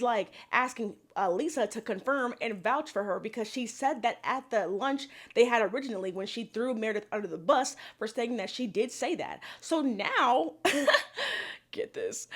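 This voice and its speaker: A young woman giving a sassy, exasperated casual recap of a reality show, with profane asides. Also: on the high side.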